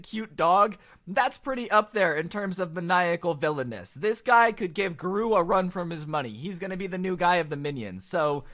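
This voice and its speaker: A chatty man narrating a storytime over gameplay, with a voice a bit higher than most men. He rambles in an animated way, full of fillers and asides. It sounds like casual talk straight to his viewers. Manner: chatty, animated, lots of likes.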